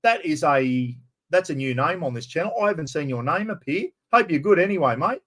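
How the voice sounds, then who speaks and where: Australian male streamer, slightly high voice, loud, rambling and salty-mouthed, casual live chat. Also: lively intonation, brisk. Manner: loud, rambling, swears freely.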